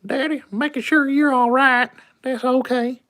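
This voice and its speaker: A man's voice: steady tone, measured pace, fairly bright tone. A man voicing his puppy as a sweet, doting male dog with a Southern US accent. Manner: sweet, high-pitched baby talk.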